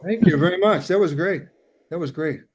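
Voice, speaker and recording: A man's voice: fairly high pitch, a little fast, lo-fi sound. Older Chicago man doing stand-up. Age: 60s. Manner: rambling deadpan jokes, puts on character voices. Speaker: stand-up comedian. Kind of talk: stand-up set.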